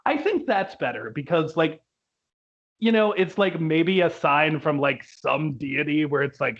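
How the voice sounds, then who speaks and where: Fairly high-pitched and fairly bright in tone, this young man reviews a musical at a measured pace in an animated, casual way. He laughs a lot and delivers quoted lines in put-on voices, all captured on a dull lo-fi recording.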